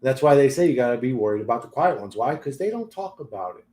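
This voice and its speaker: A man's voice: medium pitch, big pitch swings, fast talker, warm tone, echoey room. A man hosting his own channel, ranting bluntly and profanely in a casual vlog, laughing often between points. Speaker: channel host.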